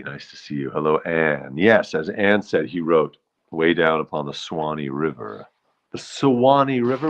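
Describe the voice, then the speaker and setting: A deep-voiced man from the Bronx, with a New York accent, hosts a casual live stream, and the highs in the audio are cut off. He rambles and greets viewers between thoughts.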